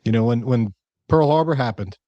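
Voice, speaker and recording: A man hosting a podcast as an investment advisor, chatting casually with jokes and quick asides. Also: mid-range voice, dark tone, dry recording, lo-fi sound. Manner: jokey, talkative, rapid asides.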